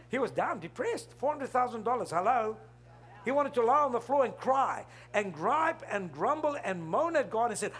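A male pastor preaching an emphatic, animated sermon, often breaking in with "hello?". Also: very high voice, moderate pace, slightly rough.

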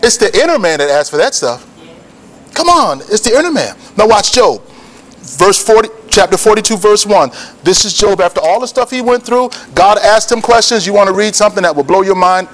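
A man preaching a sermon with emphatic, repetitive cadences that build to shouts. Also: sits high, expressive, fairly quick.

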